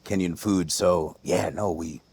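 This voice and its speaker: A man in his forties, a podcast guest, telling family stories in a relaxed way with plenty of fillers. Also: deep voice, unhurried, a little hiss or hum. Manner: relaxed, storytelling with many fillers and restarts. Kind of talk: reflective interview storytelling.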